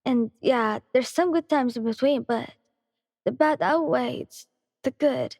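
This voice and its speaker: A woman voicing a sad young girlfriend breaking up, in a breathy, tearful ASMR storytelling voice. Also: sits high, slow pace, no echo, clean studio sound, in a large hall, pitched above the performer's own voice, full character voice. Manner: tearful, hesitant and quiet. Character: sad, tired young girlfriend ending things.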